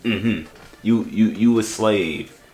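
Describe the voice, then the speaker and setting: A man's voice: on the low side, takes it slowly, darkish tone. A young man doing comedic reaction commentary, ranting in slangy, exasperated bursts that often stammer and restart. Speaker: YouTube roast commentator.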